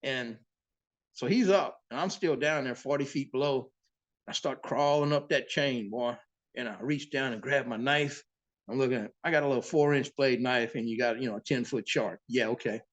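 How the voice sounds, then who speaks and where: A boat captain, a man, telling sea stories in a casual, profane, animated way as an interview guest. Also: medium pitch, moderate pace, highs cut off. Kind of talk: casual storytelling.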